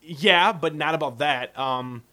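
A man hosting a podcast, telling a story in a profane, animated, rambling way. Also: a little high, a little slow. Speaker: podcast host. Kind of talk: casual storytelling.

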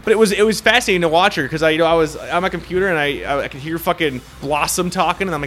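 A man's voice: a little high, very fast, a bit bright, slight background noise. A young man co-hosting a podcast in casual chat, rambling and swearing constantly. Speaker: podcast co-host.

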